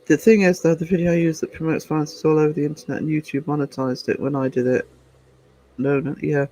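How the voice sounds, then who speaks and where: A man's voice: on the high side, little pitch movement, fast talker, warm tone, rough recording. A British man hosting a YouTube livestream, chatting casually in a rambling, digressive way. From United Kingdom. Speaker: YouTube channel host.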